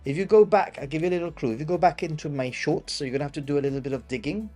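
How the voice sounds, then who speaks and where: A man's voice: fairly high pitch, racing, warm tone, faint music behind. A man with a Gibraltarian English accent hosting a live-stream travel Q&A, chatting casually and answering viewers off the cuff. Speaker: travel channel host.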